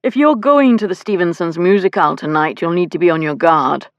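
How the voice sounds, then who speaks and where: A woman's voice: lowish voice, fairly quick, no room sound, highs cut off, close to an everyday voice. A woman voicing a happily married nobleman in an audiobook, dry and drawling. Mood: earnest. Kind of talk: audiobook character voice.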